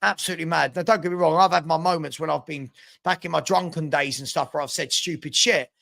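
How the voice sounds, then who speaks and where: London male streamer, high-ish and gravelly, blunt and repetitive, casual live football chat. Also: fast talker, sharp tone. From South London. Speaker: live show host.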